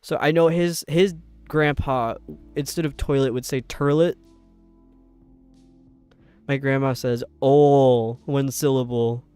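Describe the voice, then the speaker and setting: Faint music sits behind a mid-range, steady, slightly mellow male voice with a clean tone and no room sound. A young streamer from upstate New York with a light accent, he chats loosely with viewers while gaming and laughs quickly.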